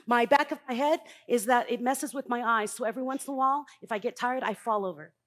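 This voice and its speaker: A middle-aged woman giving a live motivational talk on a conference stage, blunt and emphatic, jumping from loud bursts to quiet asides. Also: on the high side, fast talker. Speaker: conference speaker.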